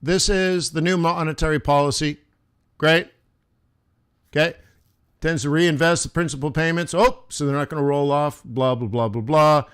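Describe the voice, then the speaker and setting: Man in his forties, live market commentary, slightly high voice, dry close sound, chatty and emphatic. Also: moderate pace, a bit bright, smooth, dry recording. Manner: chatty and emphatic, addressing viewers directly. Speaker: forex trader hosting a live trading stream.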